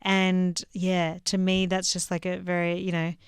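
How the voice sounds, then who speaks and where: An Australian woman chatting as an interview guest, relaxed and easygoing, with plenty of ums and likes. Her voice is very clear and smooth, and the close mic sounds dry. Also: on the low side, a little slow, no echo. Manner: relaxed, chatty, with many fillers. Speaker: guest actress. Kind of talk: casual interview chat. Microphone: microphone, remote video link.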